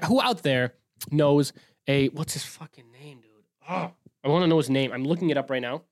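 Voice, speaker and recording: A young man from Wisconsin with a fairly high voice tells a story as a host in a loose, profane monologue. He gets excitable, trips over his words and circles back to restart his sentences. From Wisconsin, US Midwest.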